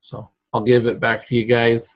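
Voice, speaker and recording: A man sharing on a group video call, speaking hesitantly with many pauses and fillers. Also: medium pitch, monotone, no echo. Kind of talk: casual sharing. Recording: dry, dull lo-fi call audio.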